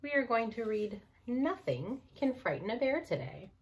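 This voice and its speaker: A woman, a children's librarian, reading a picture book aloud for story time in an expressive way. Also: on the high side. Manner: expressive, slow, sing-song reading.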